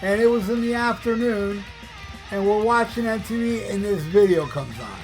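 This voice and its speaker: A man in his fifties, a podcast host, ranting in an excited, profane way in bursts with fillers. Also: sits high, moderate pace, soft background music. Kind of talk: casual opinionated rant.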